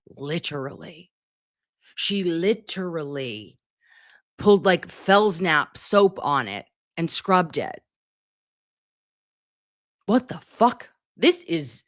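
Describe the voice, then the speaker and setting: Woman, live-stream host, low voice, dry close sound, animated and chatty, swears freely. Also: no echo. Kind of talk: casual live-stream commentary reading chat.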